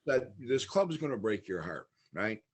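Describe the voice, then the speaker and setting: A man's voice: lowish voice, big pitch swings, moderate pace, slightly rough. A middle-aged man telling stories in a casual podcast chat, rambling, laughing often and acting out what others said. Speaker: podcast guest.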